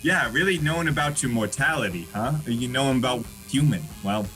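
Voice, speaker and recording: A man playing a friendly, accommodating tattoo artist in an improv comedy scene, full of fillers and quick agreement. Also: mid-range voice, fairly bright tone, poor audio.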